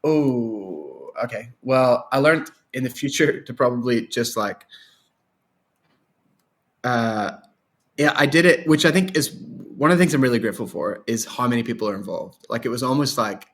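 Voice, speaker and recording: An Irish man, a guest songwriter, talking in a rambling, animated way in a casual interview. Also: mid-range voice, normal speed. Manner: rambling, animated storyteller with laughs and restarts.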